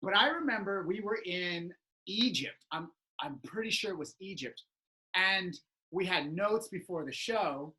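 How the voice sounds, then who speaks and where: A podcast host chatting casually, excitable and quick to laugh while retelling stories. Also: medium pitch, low-quality recording. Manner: excitable, laughs often, acts out quoted people. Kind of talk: casual chat.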